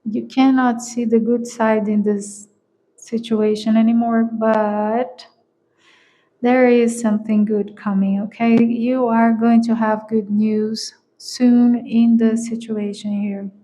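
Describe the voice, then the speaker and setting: Slow-paced woman tarot reader, not a native English speaker, mellow voice, gropes for words. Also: on the high side, level tone, low-quality recording. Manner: slow, searching for words, laughs often. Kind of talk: collective tarot reading.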